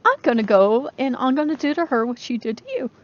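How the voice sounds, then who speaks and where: A woman's voice: sits high, brisk, muffled recording, voice pushed up, natural voice. A woman voicing a protective, mischievous male trickster god who talks bluntly and indignantly.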